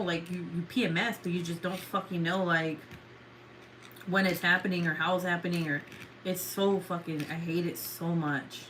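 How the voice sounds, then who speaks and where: A woman's voice: on the low side, sharp tone, a little hiss or hum, rough recording. A woman in her thirties chatting casually with viewers, swearing, rambling and laughing often. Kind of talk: casual chat.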